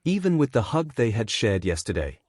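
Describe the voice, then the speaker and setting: Guy reading fanfic out loud, pitch goes up and down a lot, dry close sound. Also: brisk, breathy edge, dry recording. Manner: steady storytelling read. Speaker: narrator. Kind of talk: fan fiction read-aloud.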